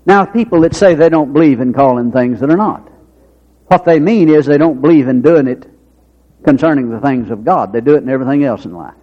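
A man's voice: mid-range voice, fairly quick. A man preaching a sermon, folksy and full of rhetorical questions, acting out little scenes with quoted voices. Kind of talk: sermon with acted-out anecdotes. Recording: dull lo-fi sermon recording.

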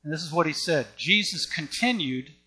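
A man's voice: on the high side, expressive, normal speed, bright, forceful tone. A man preaching a sermon with an emphatic, repetitive cadence.

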